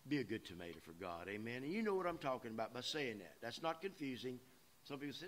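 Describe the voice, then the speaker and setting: A man preaching a sermon as pastor, folksy, shifting between loud emphatic lines and quiet asides. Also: medium pitch, sing-song, quick pace, a little hiss or hum. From Louisiana. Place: church sanctuary.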